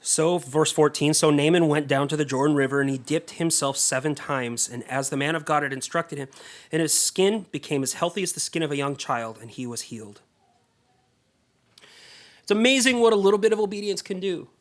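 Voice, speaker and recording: A man preaching a sermon, telling the story in a casual, lively way and acting out the characters' voices. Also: a little high, brisk. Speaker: pastor.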